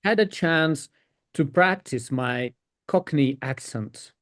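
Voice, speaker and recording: A young man co-hosting an online call, chatting casually and joking in a slow, easygoing way. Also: a little high, lively intonation, a bit bright. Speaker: event co-host. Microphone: video call.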